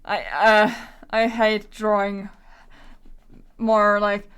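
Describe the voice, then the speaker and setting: Slow, smooth-voiced woman murmuring while drawing. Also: mid-range voice, flat delivery, dull audio. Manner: quiet, murmuring to herself, trailing off mid-thought. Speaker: streamer drawing live. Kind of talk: casual thinking-aloud commentary while drawing.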